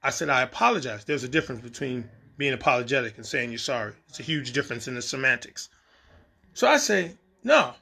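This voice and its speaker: Gravelly man telling a story casually. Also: mid-range voice, fast talker. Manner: animated, acts out quoted exchanges. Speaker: storyteller recounting a set experience.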